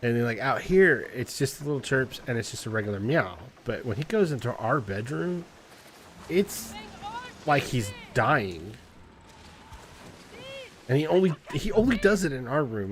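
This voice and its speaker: A man streamer chatting casually, telling an animated story in a loose, profane way and imitating cat noises. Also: medium pitch, slight background noise. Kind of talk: casual chat.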